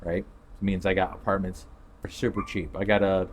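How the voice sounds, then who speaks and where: A man co-hosting a casual podcast chat outdoors, an animated storyteller who laughs often. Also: deep voice, normal speed, a little hiss or hum. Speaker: podcast co-host. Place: backyard, outdoors. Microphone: phone livestream.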